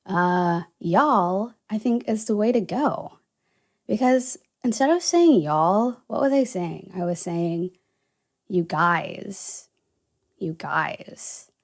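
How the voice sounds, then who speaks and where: A woman's voice: medium pitch, expressive, takes it slowly, a little mellow. A young woman from the American South, without a Southern accent, hosting a casual solo podcast and rambling with lots of "you know" and "uh". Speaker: podcast host.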